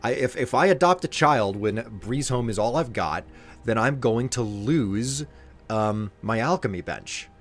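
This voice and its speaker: A man's voice: medium pitch, expressive, measured pace, faint music behind. A man chatting casually while streaming a game, rambling and joking, often restarting his sentences. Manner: rambling, self-interrupting, jokey.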